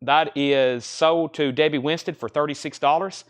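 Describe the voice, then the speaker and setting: A man with a fairly high, steady voice calls a live-stream record sale, rapidly listing titles and prices and tossing in chatty asides.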